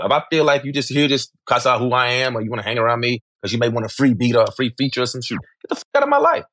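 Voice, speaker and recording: A man's voice: medium pitch, a bit bright, no room sound, studio quality. A middle-aged man, speaking candidly as an interview guest, emphatic and repetitive, swearing freely.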